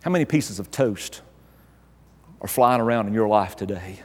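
A married man preaching a humorous sermon, telling a story with emphatic, animated delivery that swells into exasperated outbursts. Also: lowish voice, normal speed, husky. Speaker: pastor. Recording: reverberant hall.

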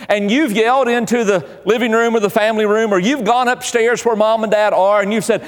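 A man's voice: sits high, steady tone, fairly quick, few pauses, in a large hall. A man preaching a sermon as pastor, emphatic, with repeated phrases. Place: church.

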